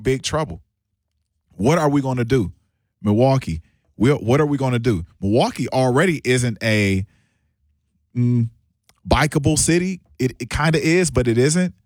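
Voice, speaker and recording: Man, talk radio host, halting delivery, frequent restarts, dry close studio sound. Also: medium pitch, a little mellow, no echo. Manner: halting, restarts often, voice lifts on emphasis. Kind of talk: casual talk radio commentary.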